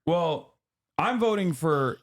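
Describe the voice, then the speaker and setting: A man hosting a stream, chatting casually with deadpan irony and swearing. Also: fairly high pitch, slow. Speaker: streamer host. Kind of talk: casual comedic chat.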